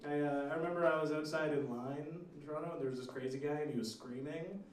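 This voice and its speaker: A man doing stand-up, telling stories and acting out the strangers he met in quick asides. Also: a little high, steady tone. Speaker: stand-up comedian. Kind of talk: stand-up set. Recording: roomy, distant mic with loud crowd. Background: audience laughter.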